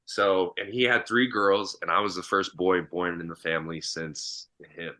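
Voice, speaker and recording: A deep-voiced man with a strikingly bright, forward tone. He is a podcast guest chatting casually and animatedly, laughing often between quick asides. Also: steady tone. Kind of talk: casual chat.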